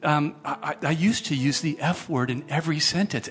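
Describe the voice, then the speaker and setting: A middle-aged man preaching as a guest pastor, lively, restarting his sentences and acting out the voices he quotes. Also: fairly high pitch, a little fast, few pauses, slightly rough. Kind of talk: sermon.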